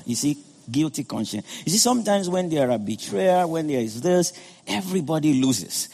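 A man's voice: a little high, expressive, moderate pace, creaky, darkish tone. Man preaching a sermon in a hall. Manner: retells scripture in a conversational way, with frequent "you know". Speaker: pastor.

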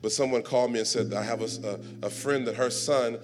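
A man preaching a sermon, moving from quiet talk to shouted, drawn-out declarations. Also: mid-range voice, steady tone. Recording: live sermon with music playing behind. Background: instrumental music.

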